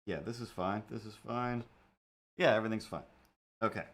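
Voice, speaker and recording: A man with a lowish voice hosts a live drawing stream at a moderate pace. His rambling chat is casual, and he mumbles playful asides to himself as he works.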